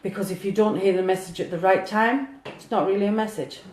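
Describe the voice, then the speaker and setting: A woman's voice: mid-range voice, fairly even intonation, a little fast, darkish tone, roomy sound. A woman doing a live-streamed psychic reading, earnest and emotional, talking to viewers by name. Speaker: psychic medium.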